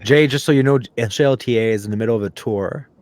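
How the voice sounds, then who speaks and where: A man's voice: mid-range voice, fast talker, a little mellow. A man co-hosting a podcast, casually explaining things in a matter-of-fact way. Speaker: podcast co-host. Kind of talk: casual interview chat.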